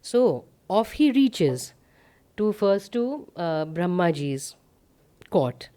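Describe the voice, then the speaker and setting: A woman gives a spiritual talk and tells a story. She speaks conversationally and often pauses with fillers. Her voice is mellow and warm. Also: fairly low pitch, big pitch swings. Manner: conversational, with frequent fillers and light laughter. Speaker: satsang speaker.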